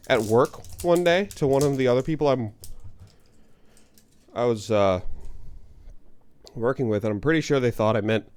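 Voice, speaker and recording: A man's voice: mid-range voice, smooth. A man chatting casually with viewers while streaming a game, rambling and joking at his own expense. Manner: rambling, self-deprecating, chats with viewers. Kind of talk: casual gaming stream chat.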